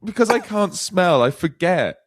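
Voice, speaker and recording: A man's voice: high-pitched, lively intonation, normal speed, no echo, clean studio sound. A man co-hosting a comedy podcast, telling a rambling story and laughing often. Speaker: podcast co-host. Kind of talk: casual comedic chat.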